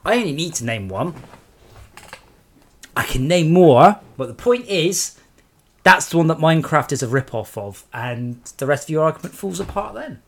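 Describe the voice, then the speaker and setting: A man's voice: on the high side, big pitch swings, moderate pace. A man streaming a game live and sarcastically scolding trolls in his chat.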